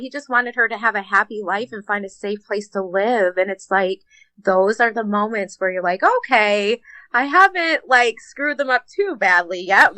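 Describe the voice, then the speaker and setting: A woman speaks on a podcast in an earnest, open way, her voice bright and forward. She talks loosely with many fillers, and the recording is close and dry. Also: a little high, no room sound, low-quality recording. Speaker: podcast guest. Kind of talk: casual conversation.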